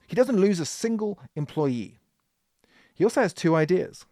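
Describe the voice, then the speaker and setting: A man hosting a podcast, telling a business history story in an animated, emphatic way. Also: high voice, moderate pace, dry recording, clean studio sound. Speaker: podcast host.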